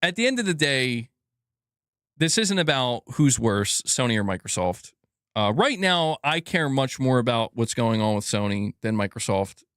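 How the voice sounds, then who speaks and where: A young man giving a profane, animated gaming news rant, laughing and talking back to his viewers. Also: mid-range voice, normal speed, clear, resonant tone, no room sound, clean studio sound. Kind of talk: casual ranting commentary.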